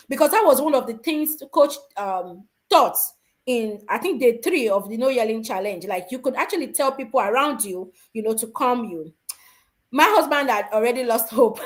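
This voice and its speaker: A woman from Africa telling personal parenting stories, animated and laughing often. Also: a little high. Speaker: guest mother. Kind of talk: casual storytelling.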